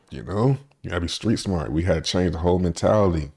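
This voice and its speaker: A man with a very low voice tells a story in a relaxed, rambling way. He swears freely and laughs his way through the funny parts. It is a casual podcast monologue. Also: quick pace, hardly any pauses, a little hiss or hum. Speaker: podcast host.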